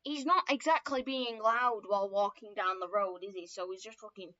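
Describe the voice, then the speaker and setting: In a dull lo-fi recording, a young woman with a sharp, medium-pitched voice at normal speed casually tells her own story lore. She swears a lot and stumbles through fillers and self-corrections as she rambles.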